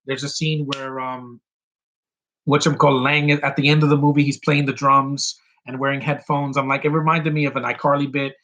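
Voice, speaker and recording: A man hosting a casual solo film podcast, rambling excitedly with many restarts and quick bits of mimicry. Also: mid-range voice. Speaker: podcast host reviewing a film.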